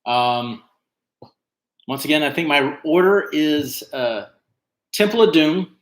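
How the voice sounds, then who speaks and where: A man's voice: a little high, expressive, slow pace. A man hosting an online trivia night, chatting casually and reading out team names with lots of fillers. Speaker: trivia host. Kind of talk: casual livestream chat. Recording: echoey room.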